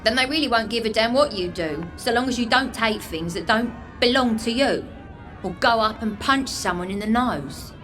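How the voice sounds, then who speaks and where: A cheeky, streetwise English outcast with a fairly high, bright voice. She is breezy and mocking as she gives blunt advice. Faint music sits under her. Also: expressive, normal speed.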